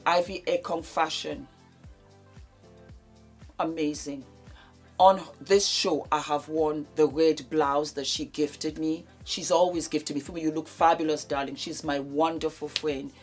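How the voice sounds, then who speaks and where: A woman in her fifties giving an emotional speech, effusive and repeating her thanks over and over. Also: low voice. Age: 50s. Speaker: beauty vlogger giving a thank-you speech.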